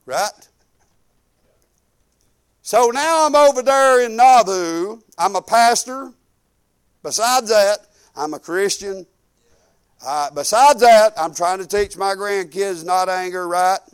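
Older male pastor, folksy sermon storyteller, high-pitched, smooth ringing tone. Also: takes it slowly, pauses often. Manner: folksy, animated storytelling with acted-out quotes.

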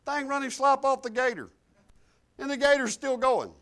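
High-voiced older preacher. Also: male voice, normal speed. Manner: folksy storytelling, swings from quiet asides to loud emphatic declarations. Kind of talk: sermon.

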